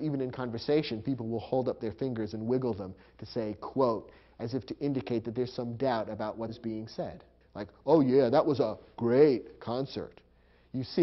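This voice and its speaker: Step by step, a male grammar teacher explains punctuation in a recorded lecture, saying the marks out loud as he goes. The audio is dull, and his voice sits at a medium pitch.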